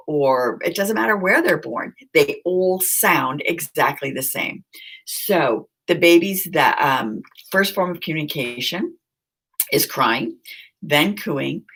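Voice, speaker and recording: A woman's voice: deep voice, a bit bright, breathy edge. A woman giving a conversational recorded lecture, asking the listeners questions and repeating key points.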